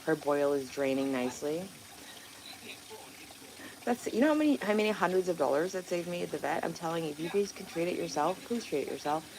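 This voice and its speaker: Her voice sits low and is a little mellow, and she talks with animation at a slightly quick pace. The woman is hosting a laid-back livestream by a pond, rambling, occasionally cursing, and reading viewer comments aloud. The recording is rough, with outdoor sounds behind her.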